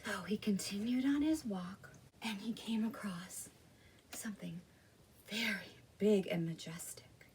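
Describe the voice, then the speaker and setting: Animated woman leading kids' storytime yoga. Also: medium pitch, a little slow, recorded from a distance, slight background noise. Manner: animated, coaching children through poses.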